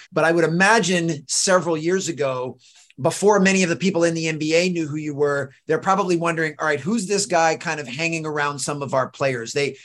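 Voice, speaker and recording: A man interviewing a guest, asking long, measured questions after setting them up. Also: a little high, fairly bright tone. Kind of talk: interview conversation.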